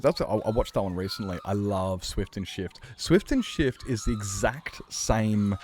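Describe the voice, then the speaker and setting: An Australian man streaming a game, chatting casually in a rambling, sweary, animated way. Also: on the low side, moderate pace, slight background noise. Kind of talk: casual chat while gaming.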